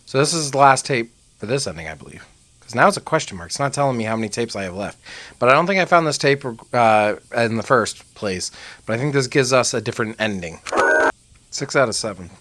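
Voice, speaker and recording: A man's voice: medium pitch, a bit bright, no echo. A young man giving casual, joking commentary on a video game he is playing, talking to his viewers and swearing freely. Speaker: gaming video creator. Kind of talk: casual let's-play commentary.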